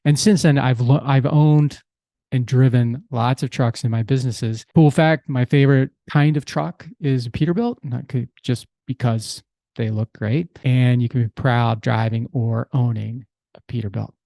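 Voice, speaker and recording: A man's voice: mid-range voice, fairly even intonation, moderate pace, vocal fry, mellow, no room sound. A middle-aged man hosting a podcast, telling a personal story in a casual, easygoing way with restarts and fillers. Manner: easygoing, with restarts and "you know". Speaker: podcast host.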